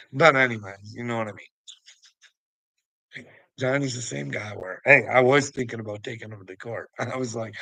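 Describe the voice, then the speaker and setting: A man's voice: medium pitch, moderate pace, gravelly, long pauses, sharp tone, no room sound, rough recording. A man rambling to viewers, laughing constantly, swearing and taunting someone.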